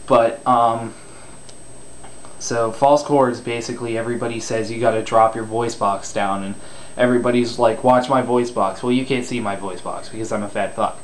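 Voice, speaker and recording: A man's voice: medium pitch, fairly even intonation, moderate pace, a little hiss or hum. A man giving a casual spoken tutorial on screaming, loose and rambling, self-deprecating and crude.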